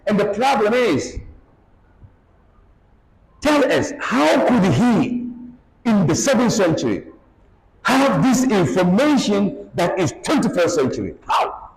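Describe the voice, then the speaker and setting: A man preaching with lively, swooping pitch and emphatic bursts of force, his voice sitting a little high. He is heard in an echoey hall with long reverb and a faint hum of background noise. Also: unhurried. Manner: animated, emphatic preaching with frequent exclamations. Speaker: Islamic lecturer. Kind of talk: religious lecture.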